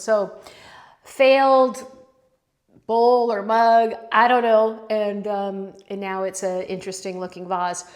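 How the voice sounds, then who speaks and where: A woman vlogging about her pottery in a casual, rambling, chatty way, breaking off mid-sentence and picking the thread back up. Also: a little high. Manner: rambling, chatty, self-interrupting, warmly emotional. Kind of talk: casual chat.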